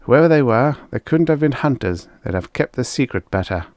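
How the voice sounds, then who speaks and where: A man voices an anxious young male hunter on an alien world, arguing tensely and urgently in a worried mood. His medium-pitched, expressive voice moves a little fast with a darkish tone, pitched above his own yet close to everyday speech, recorded in studio quality with no echo.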